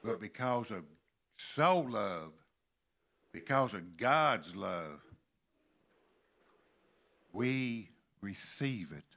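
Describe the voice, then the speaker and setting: An older man from Kentucky preaching a sermon in a church, slowly stressing and repeating key words. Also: lowish voice, animated, gravelly, bright, forceful tone. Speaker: pastor. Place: church sanctuary.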